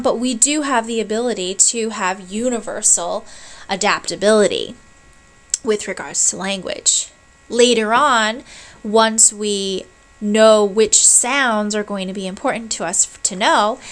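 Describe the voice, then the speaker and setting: A woman's voice: medium pitch, a bit bright, low-quality recording. A woman giving a recorded college lecture, walking through each point patiently. She often checks in with her listeners before moving on, and now and then says sounds aloud to show what she means. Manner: explanatory, checks in with "right?" and "okay?"; demonstrates baby sounds aloud.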